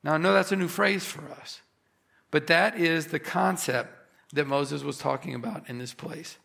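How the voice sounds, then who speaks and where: A man preaching a sermon, emphatic, rising on key phrases and slowing down for effect. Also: a little high, vocal fry, a bit bright. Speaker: pastor.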